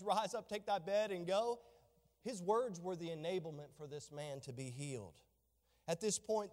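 A male pastor with a high-pitched voice delivers a sermon in a church hall. His voice rings out in long reverb as he swings from loud, emphatic proclamations to quiet, low asides. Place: church sanctuary.

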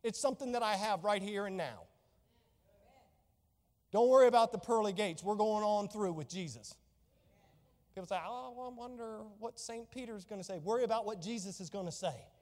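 A man's voice: high voice, normal speed, pauses often, darkish tone, big-room sound. A man preaching a sermon as pastor, fervent and exclamatory, reading and explaining scripture.

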